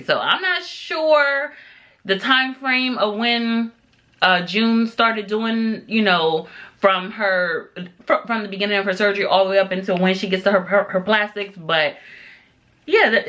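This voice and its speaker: Chatty woman recapping a show, bright voice. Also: lowish voice. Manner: chatty, animated retelling with quoted voices. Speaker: TV episode reviewer. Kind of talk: casual recap vlog.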